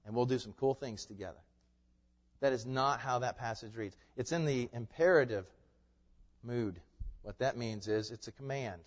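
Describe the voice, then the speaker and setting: A male pastor preaching a sermon, moving from quiet, conversational asides to loud, forceful proclamation. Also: medium pitch. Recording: muffled sound with long hall reverb.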